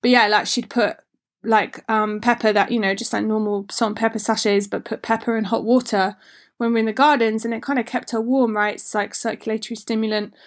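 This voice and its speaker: Chatty woman, fairly high, steady. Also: a little fast. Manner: chatty, frank, loose run-on phrasing. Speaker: workshop speaker. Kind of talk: informal workshop talk.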